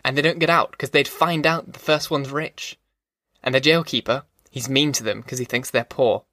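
A man's voice: medium pitch, steady tone, moderate pace, sharp tone, dry recording, lightly acted. An eager migrant man, as an audiobook narrator puts him on, spilling a movie plot in a chatty, folksy way. He turns a little defensive when he is challenged, and the sound is dry. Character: eager young male migrant retelling a movie.

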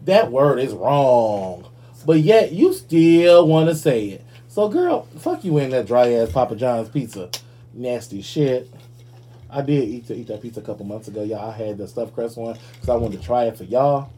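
A man hosting a podcast in casual commentary, sassy and animated, swearing freely. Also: medium pitch, moderate pace, slight background noise. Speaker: podcast host.

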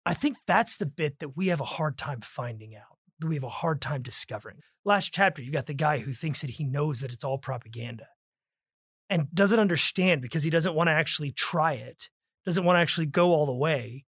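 Male podcast co-host, a bit higher pitch, dry recording, conversational with read-aloud emphasis. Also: a little fast, slightly rough, no room sound. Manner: reads quoted passages with stressed words, lively. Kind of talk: casual book discussion with read-aloud passages.

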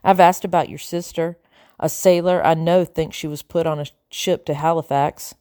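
An earnest teenage boy in a storybook reading, pleading and full of apology, as a woman reader puts him on. The voice sits low and mellow, recorded close and dry. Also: steady tone, normal speed, no echo, lightly acted.

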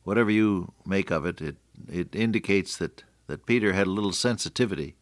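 A man's voice: low voice, brisk, no room sound, studio quality. A man preaching a radio sermon, earnest and repeating phrases for emphasis.

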